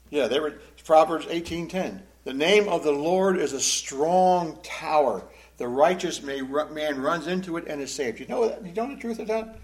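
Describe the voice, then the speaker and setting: A man's voice: a little high, a little mellow. Conversational male pastor teaching scripture. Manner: conversational, asks the audience questions, stumbles and repeats words. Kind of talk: bible teaching sermon.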